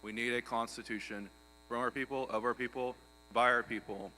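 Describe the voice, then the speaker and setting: A man's voice: mid-range voice, steady tone, fairly quick, sharp tone, a little hiss or hum, low-quality recording. A man making an impassioned, rhetorical plea at a public meeting. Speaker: tribal member speaking at a meeting.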